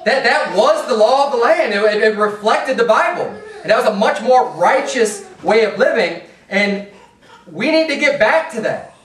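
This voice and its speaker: Man, American accent, preacher, high voice, fervent sermon, echoey church from a distance. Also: animated, normal speed, slight background noise. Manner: impassioned, repetitive restarts, mimics soft preachers in a hushed voice. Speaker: pastor. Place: church sanctuary. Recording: echoey room from far off.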